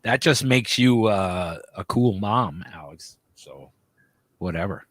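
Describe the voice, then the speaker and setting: A man's voice: deep voice, lively intonation, slow pace, fairly bright tone, no room sound. A man co-hosting a casual chat, joking and laid-back, swearing casually. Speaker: co-host.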